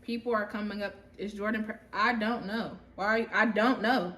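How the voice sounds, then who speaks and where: A woman's voice: mid-range voice, fairly even intonation, moderate pace, fairly bright tone. A young woman backing up her friend's story, jumping in with emphatic remarks. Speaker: co-host friend. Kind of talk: casual chat.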